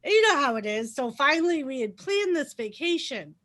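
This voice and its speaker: A high-pitched woman telling a story in relaxed chat. She laughs often and bounces into little acted-out quotes as she goes. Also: fairly quick.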